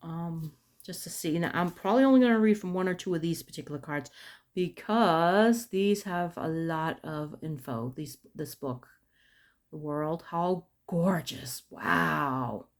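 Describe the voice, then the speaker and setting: A woman casually chatting through an unboxing, murmuring card names and softly admiring the artwork as she flips through the deck. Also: on the low side, unhurried. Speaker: tarot unboxing vlogger.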